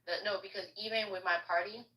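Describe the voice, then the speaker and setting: A woman's voice: mid-range voice, steady tone, quick pace, sharp tone, roomy sound, rough recording. A young woman in a casual chat, gossiping about friends with lots of "like" fillers.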